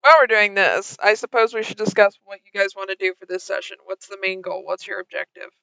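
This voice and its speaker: Woman game master, calm steady narration, very crisp voice, dry sound. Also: mid-range voice, quick pace, dry recording, highs cut off.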